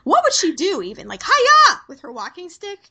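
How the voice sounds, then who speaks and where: A woman's voice: high-pitched, huge pitch swings, fast, pushed and bright. A woman co-hosting a podcast, recapping a movie scene by scene in a wry, casual way and acting out the characters' lines. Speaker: podcast co-host.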